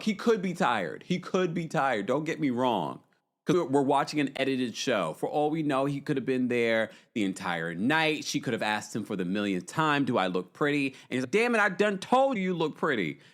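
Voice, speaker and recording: A man hosting a casual recap podcast, chatty and opinionated, reading comments from a live chat and often breaking into laughter. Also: mid-range voice. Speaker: podcast host.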